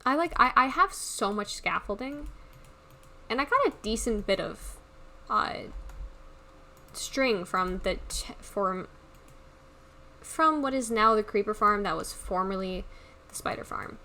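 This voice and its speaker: A woman's voice: medium pitch, lively intonation, a little slow, pauses often, pushed and bright. A woman livestreaming a game, chatting in a rambling, casual way and laughing often. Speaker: livestreamer playing a block-building game. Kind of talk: casual live-stream chatter while playing.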